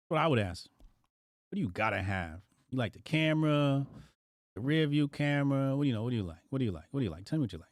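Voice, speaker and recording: A man's voice: mid-range voice, expressive, quick pace, no echo, clean studio sound. A man hosting a casual live stream, reacting aloud to headlines in loose slang. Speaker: livestream host.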